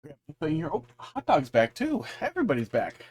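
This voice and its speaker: A man's voice: fairly high pitch, huge pitch swings, fairly quick, darkish tone. A man streaming a game, casually chatting with viewers and talking fondly to his cats. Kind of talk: casual live-stream chat.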